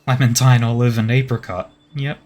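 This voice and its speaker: A streamer playing a game and musing aloud, with frequent chuckles. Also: male voice, mid-range voice, level tone, normal speed, a little mellow. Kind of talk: casual game commentary.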